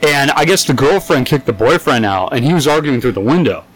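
Lively swearing man telling a story. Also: a little fast. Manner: animated, swears a lot, acts out quotes in high voices. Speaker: podcast co-host. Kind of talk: casual storytelling chat.

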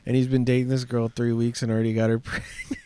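A man's voice: mid-range voice, little pitch movement, quick pace, dark tone, smooth. A young man co-hosting a podcast, chatting casually and telling a laid-back story with laughter. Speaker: podcast co-host. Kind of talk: casual chat.

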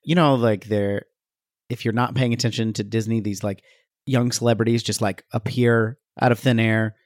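A man's voice: mid-range voice, steady tone, normal speed, no echo. Guy podcast cohost rambling, lots of likes and restarts, dry close sound. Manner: rambling, hesitant, full of "like" and restarts, wry complaints. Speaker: podcast co-host. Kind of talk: casual movie review chat.

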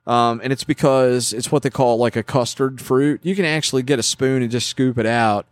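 A man's voice: medium pitch, fairly even intonation, normal speed, no echo. Virginia guy chatting on a podcast, joking around, mid voice, dry close mic. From West Virginia. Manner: chatty, joking, rambling with restarts. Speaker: podcast co-host. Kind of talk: casual chat.

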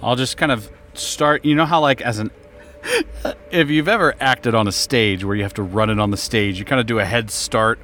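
A man playing a tabletop game, talking in an animated way and laughing often. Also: medium pitch, moderate pace, a little hiss or hum. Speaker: player.

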